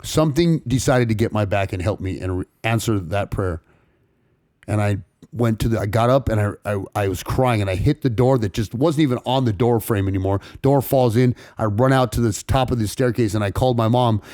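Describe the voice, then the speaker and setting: A man's voice: lowish voice, a little fast, a little mellow, no room sound, studio quality. Blunt, profane man telling his story. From San Fernando Valley, California. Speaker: podcast guest. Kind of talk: candid storytelling.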